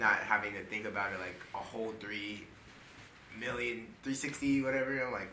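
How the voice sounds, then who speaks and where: A man's voice: fairly low pitch, fast talker, sharp tone. A young man in casual group chat, musing hesitantly with many fillers. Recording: echoey room, faint noise.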